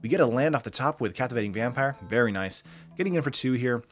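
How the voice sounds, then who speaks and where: Male host, brisk and casual, game commentary peppered with fillers, soft music bed. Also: medium pitch, lively intonation. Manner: quick, casual, lots of fillers. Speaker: card game channel host. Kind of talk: deck breakdown and gameplay commentary.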